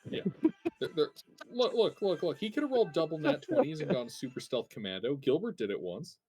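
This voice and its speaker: A man chats as a player in a tabletop game, playful and quick with a joke. His pitch moves a lot. The recording is dry and close. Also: huge pitch swings, mellow, slightly rough, no echo, faint music behind. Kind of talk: casual tabletop game chat.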